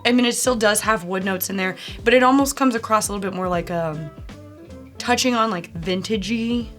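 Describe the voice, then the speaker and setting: A woman's voice: medium pitch, brisk, fairly bright tone, faint music behind. A woman co-hosting a casual tasting chat, thoughtfully searching for the right descriptive words. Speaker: co-host.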